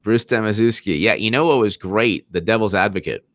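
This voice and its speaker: On a casual political commentary livestream, a male host rambles, mocks, and reads out chat, laughing as he goes. His voice is lowish, brisk, and fairly bright, captured in clean studio sound with no room ambience.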